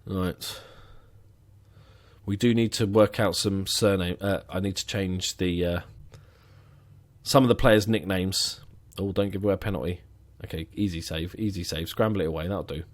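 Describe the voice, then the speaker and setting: A man's voice: deep voice, steady tone, normal speed. A man giving sarcastic, muttering commentary while playing a football management game. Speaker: gaming commentator.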